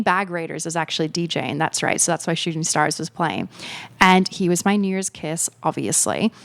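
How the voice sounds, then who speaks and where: Young female podcast host, lowish voice, casual rambling storyteller, dry recording. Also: no room sound. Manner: reflective, chatty, many fillers.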